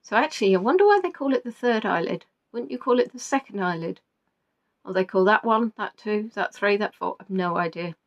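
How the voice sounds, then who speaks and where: A woman's voice: medium pitch, animated, fairly quick, dull audio. A woman hosting a live quiz, chatting casually and rambling with self-deprecating asides. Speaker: quiz host. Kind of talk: casual live-stream chat.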